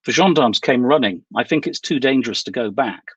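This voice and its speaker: A man's voice: mid-range voice, lively intonation, a little fast, fairly bright tone, breathy edge, no room sound, dull audio. A man reading a novel aloud voices a wary, cross young woman on the run, with clipped replies. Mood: tense.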